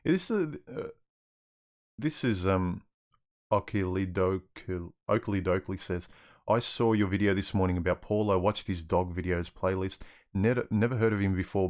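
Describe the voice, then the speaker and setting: A man hosting a livestream Q&A, reading viewer questions aloud and answering them in a rambling, casual way. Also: low-pitched. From Australia. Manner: rambling, restarts often, reads chat questions aloud.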